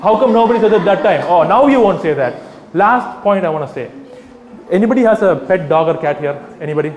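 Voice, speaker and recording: A man giving a live talk to an audience, animated and mocking, acting out little scenes. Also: high voice, fast, slight background noise. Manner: animated, mocking, acts out scenes with quoted voices. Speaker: vegan activist speaking to an audience. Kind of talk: live public talk to a crowd. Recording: echoey hall, faint room ambience.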